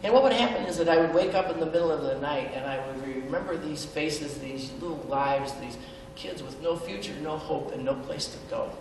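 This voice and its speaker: A man's voice: a little high, a little fast. A middle-aged man telling a personal story at a benefit event, earnest and self-deprecating, with hesitant ums. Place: large event hall. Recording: echoey hall, mic far off, faint background noise.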